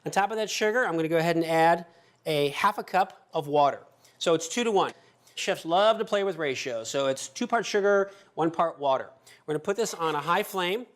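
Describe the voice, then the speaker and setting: A man's voice: a little high, expressive, a little fast. A man hosting a cooking show as the chef, chatty and upbeat, talking viewers through each step in a kitchen. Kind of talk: cooking demonstration.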